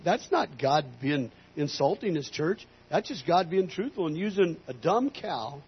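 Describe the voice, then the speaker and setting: A man preaching a storytelling sermon in an animated way, rising into loud emphatic bursts. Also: a little high, normal speed, hardly any pauses, husky. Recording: slightly muffled recording.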